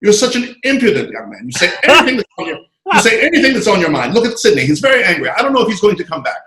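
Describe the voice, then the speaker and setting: A man putting on a stern, high-pitched aide. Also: very animated, very fast, roomy sound, a crowd in the background, low-quality recording. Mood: scolding. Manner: reproachful, lecturing. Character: stern Bahamian male aide scolding a young writer.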